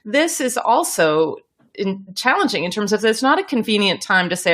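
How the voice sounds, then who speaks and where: A woman's voice: medium pitch, sing-song, normal speed, fairly bright tone. A middle-aged woman hosting a podcast, talking in a reflective, casual way with easy laughs. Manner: reflective, laughs easily, talks in restarts. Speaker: podcast host.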